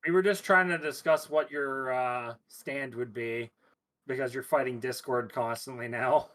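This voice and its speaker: A man chatting casually as a guest on a voice call, joking in a relaxed way. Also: medium pitch, unhurried. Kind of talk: casual chat.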